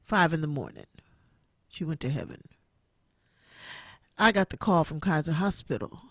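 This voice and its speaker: A woman's voice: sits low, sing-song, moderate pace, long pauses, a bit bright, dry recording, studio quality. A woman in her sixties hosting an online radio show, giving an emotional personal testimony and repeating her phrases like a preacher. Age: 60s. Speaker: internet radio show host.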